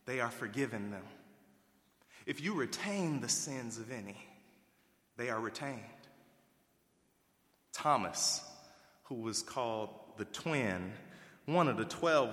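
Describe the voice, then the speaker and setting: A man preaching a sermon as pastor, jumping between lively asides and slow scripture reading. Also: mid-range voice. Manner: lively preaching, breaks off to play music, then reads scripture slowly. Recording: echoey hall with long reverb.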